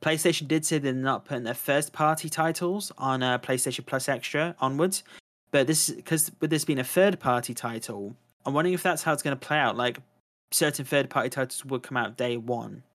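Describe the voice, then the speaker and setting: Excited male co-host who rambles and trips over his own corrections. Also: medium pitch, brisk. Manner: enthusiastic, rambling, self-correcting. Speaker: podcast co-host. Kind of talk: casual chat about video games.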